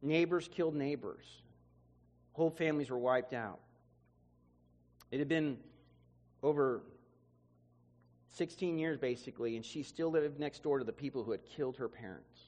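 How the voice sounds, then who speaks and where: A man's voice: mid-range voice, moderate pace, pauses often, a little mellow. A man preacher telling an emotional testimony in a sermon, often repeating words as he goes. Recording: long hall reverb.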